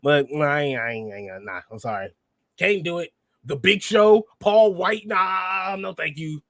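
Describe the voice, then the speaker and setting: A man hosting a podcast, recapping wrestling in an animated, rambling way and acting out quotes. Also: fairly high pitch, normal speed, no room sound. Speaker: podcast host.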